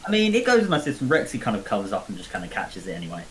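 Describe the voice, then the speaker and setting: A man narrating as dungeon master in a casual game on a voice call, relaxed and swearing now and then. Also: fairly low pitch, racing, slight background noise, low-quality recording. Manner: laid-back, laughing, swears casually.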